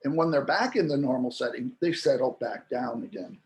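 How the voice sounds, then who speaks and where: A man's voice: medium pitch, fairly quick, a little mellow. A man in his sixties, a guest in an interview, explaining at length with frequent restarts and playful acted-out voices of babies and parents. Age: 60s. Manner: frequent restarts and repeated words.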